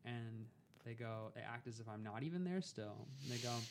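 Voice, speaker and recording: A young man telling a personal story as a podcast guest, calm and unhurried. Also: mid-range voice, a little hiss or hum.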